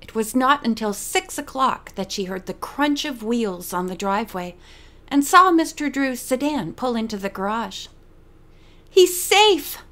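A woman narrating a mystery novel for an audiobook in a steady storytelling manner. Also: a little high, normal speed. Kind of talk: scripted narration.

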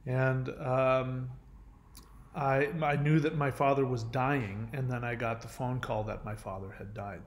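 A man's voice: medium pitch, fairly even intonation, a little slow. A middle-aged man speaking earnestly to camera in a candid self-help monologue, with many fillers and restarts.

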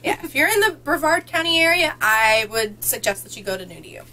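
A young woman from Indiana hosts a casual book chat with friends, bubbly and quick to laugh. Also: sits high, slight background noise, low-quality recording. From North Central Indiana, US. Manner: bubbly, excitable, laughs often. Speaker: book vlogger hosting a book tag.

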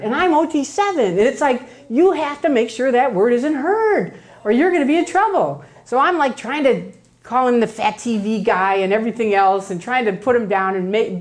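A woman giving a personal storytelling talk, animated and acting out the voices she quotes, often tagging lines with "right?". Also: fairly high pitch, normal speed. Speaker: speaker giving a public talk.

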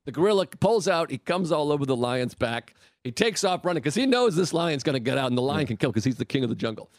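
A man's voice: fairly high pitch, fast talker, no room sound, clean studio sound. A man telling a long joke in casual podcast banter, acting out the characters' lines. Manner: animated storytelling, acts out quoted characters.

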